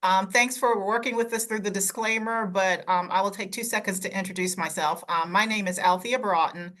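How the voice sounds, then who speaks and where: A woman lawyer introducing herself in a webinar in a relaxed, good-humored way. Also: medium pitch, fairly quick. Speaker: lawyer, advisory council member. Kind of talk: casual self-introduction.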